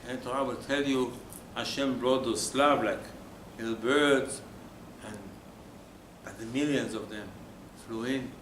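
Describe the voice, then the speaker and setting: A man teaching a Torah lesson as a rabbi, retelling the text in a theatrical, animated way. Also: mid-range voice, unhurried, pauses often, a little hiss or hum. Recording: echoey room with faint ambience.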